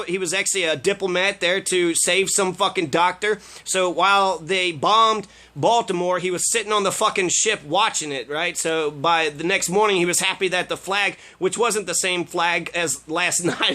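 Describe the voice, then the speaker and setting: A man's voice: high-pitched, sharp tone. A man giving sarcastic political commentary, swearing heavily and trailing off into fillers as he rants. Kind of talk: profane ranting commentary on played clips.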